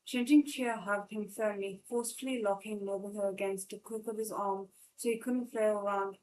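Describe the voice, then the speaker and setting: A woman hosting a live read-along, reading a novel aloud. Her narration is steady but stumbles and restarts now and then. The voice sits at an ordinary middle pitch. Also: normal speed, rough recording. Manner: steady narration with frequent small slips and restarts. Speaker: channel host and reader.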